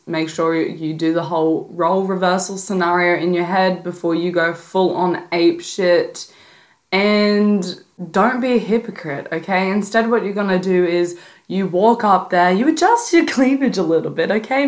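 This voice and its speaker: A young woman with a fairly low voice hosts a casual advice podcast at a moderate pace. She's blunt, sassy and playful, with plenty of swearing.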